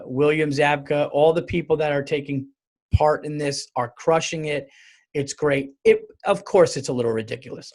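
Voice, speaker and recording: A man hosting his own comedy podcast, talking solo in an animated, rambling, jokey way with some swearing. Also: on the high side. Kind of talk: casual solo podcast monologue.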